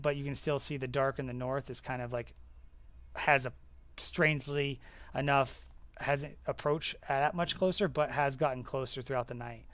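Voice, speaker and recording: A man's voice: mid-range voice, fairly bright tone, clear, resonant tone, no room sound. Young male game master, casual narration, filler-heavy, mid-range voice.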